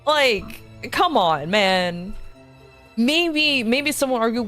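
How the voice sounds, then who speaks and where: A woman's voice: a little high, animated, takes it slowly, fairly bright tone, faint music behind. A young adult woman streaming games, chatting casually, swearing freely and laughing often. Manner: blunt, swears freely, laughs often, mocks others in put-on voices. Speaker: VTuber streamer. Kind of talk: casual gaming stream chat.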